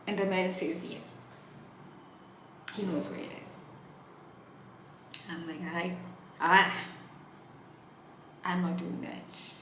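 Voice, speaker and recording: A young woman from Namibia telling a story on her vlog, dramatic, moving between hushed asides and loud exclaiming. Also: lowish voice, steady tone, takes it slowly, pauses often, a little hiss or hum. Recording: echoey room with faint ambience.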